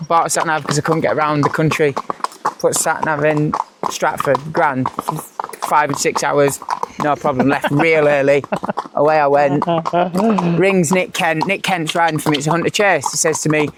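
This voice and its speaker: A man, a retired jockey, chatting casually while riding out, telling lively stories and acting out other people's lines. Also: fairly high pitch, normal speed. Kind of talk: casual storytelling chat. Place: outdoors, riding out on horseback. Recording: outdoor recording with clear background noise.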